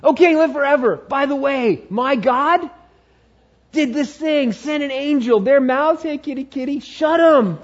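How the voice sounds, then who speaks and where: A man putting on a gleeful, squeaky old prophet. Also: a little slow. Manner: excited, playful, high-pitched exclamations. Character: old prophet, eighty plus, cheerfully unharmed by lions. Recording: dull lo-fi sound.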